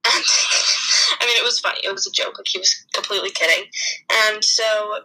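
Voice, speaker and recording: A young woman co-hosts a casual podcast with an animated, laughing delivery. Her voice is very bright and forceful, with a husky, breathy edge. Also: mid-range voice, normal speed, poor audio. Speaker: podcast co-host. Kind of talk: casual chat.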